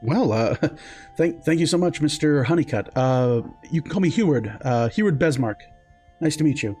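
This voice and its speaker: A man voicing a courteous, weathered male hunter who speaks in halting, rambling sentences. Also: fairly high pitch, expressive, darkish tone, faint music behind, close to an everyday voice. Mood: grateful.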